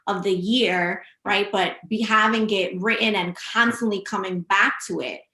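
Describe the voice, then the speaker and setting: A woman's voice: mid-range voice, steady tone, a little slow, bright, forceful tone. A woman hosting a casual leadership chat over a video call, emphatic as she sums up points and prompts her guest. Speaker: host. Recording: roomy echo.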